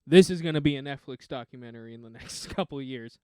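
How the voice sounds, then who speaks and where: A man co-hosting a casual podcast, reacting to the story, quick to laugh and interject. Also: mid-range voice, dark tone, smooth, no room sound, clean studio sound. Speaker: podcast co-host.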